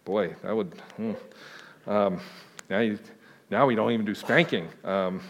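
A man speaking as a pastor, his voice sitting a little lower than most. He answers the congregation's questions in a relaxed, plain-spoken way, dropping in joking asides. The church sanctuary gives his words a long, ringing reverb. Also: unhurried. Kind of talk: conversational sermon answering questions. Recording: long reverb of a large hall.

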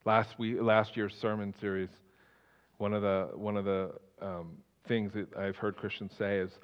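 A man preaching a sermon as pastor, swinging between loud emphatic lines and soft quiet ones. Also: fairly low pitch, unhurried, clean tone. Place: church sanctuary. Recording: dull sound, long hall reverb.

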